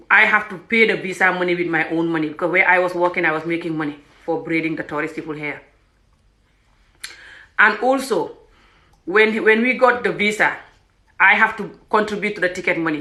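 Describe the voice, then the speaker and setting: A woman vlogger telling a story in a chatty, animated way that often tips into laughter. Her voice is bright and sharp, and it rings through an echoey room. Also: mid-range voice. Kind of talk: casual storytelling to camera.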